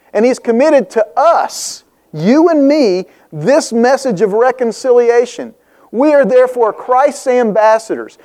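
High-voiced male pastor preaching. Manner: preaching with rising emphasis and rhetorical questions; drops to soft, slow reflection in personal parts. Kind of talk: sermon.

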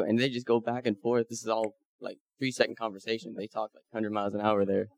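Sharing mission trip photos with a group, a man chats casually and animatedly, acting out quoted dialogue. His voice is fairly low and he talks fast with hardly any pauses, with no echo.

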